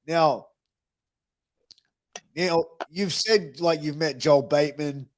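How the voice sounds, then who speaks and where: A man's voice: fairly high pitch, slow, no echo. A man with an Australian accent hosting a podcast, talking loosely with lots of swearing and fillers. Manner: laid-back, profane, filler-heavy. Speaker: podcast host. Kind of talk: casual podcast chat.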